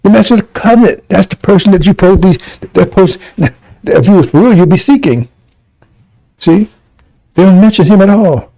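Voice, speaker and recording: Male religious broadcaster, warm tone, pitched a bit high, heated and mocking delivery. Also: animated, fairly quick, vocal fry, low-quality recording. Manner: scornful, rambling, laughs mockingly. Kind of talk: heated scripture commentary.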